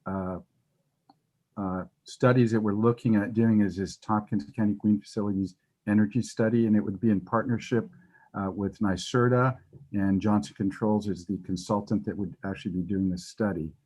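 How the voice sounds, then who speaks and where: Man, remote call audio, lowish voice, steady slide presentation, occasional fillers. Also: normal speed. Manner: steady, explanatory, some fillers. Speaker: facilities staff presenter. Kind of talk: presentation over a video call.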